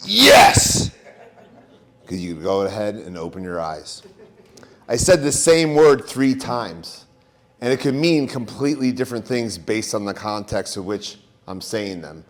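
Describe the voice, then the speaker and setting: A man giving a motivational talk to an audience, theatrical and playing with loud and soft delivery. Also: on the low side, animated, normal speed. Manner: theatrical, plays with volume for effect. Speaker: speaker.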